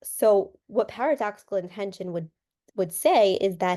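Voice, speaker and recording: A woman speaks as a counseling guest in a relaxed interview, her voice sitting in an ordinary middle range. She explains ideas through examples and often repeats a word as she restarts. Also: mid-range voice, normal speed. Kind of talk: casual interview talk.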